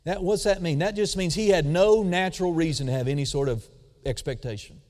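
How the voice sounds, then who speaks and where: Booming preacher in a reverberant hall. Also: male voice, brisk. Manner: dramatic swings between booming emphasis and quiet asides; calls for audience response. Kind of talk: sermon. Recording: long reverb of a large hall.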